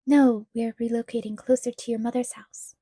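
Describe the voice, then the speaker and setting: A woman reading an audiobook, voicing a fast-talking young woman. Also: fairly high pitch, flat delivery, mellow, husky, dry recording, studio quality. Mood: brisk. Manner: rapid-talking. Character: young woman, quick, bright and upbeat.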